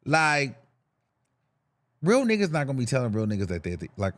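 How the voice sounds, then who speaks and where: A young man hosts a podcast where he briskly talks to himself about celebrities, sassy and animated with plenty of campy slang. His voice is medium-pitched.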